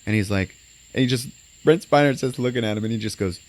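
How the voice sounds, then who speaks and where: A man's voice: mid-range voice, very animated, normal speed, pauses often. A man casually recapping a movie on a podcast, rambling with lots of fillers and acting out lines. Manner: rambling, many fillers, acts out quotes.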